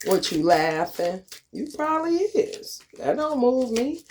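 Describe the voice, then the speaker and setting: A man's voice: extremely high pitch, very animated, measured pace, a little hiss or hum. A man vlogging a profane, confrontational rant, swaggering and taunting his targets.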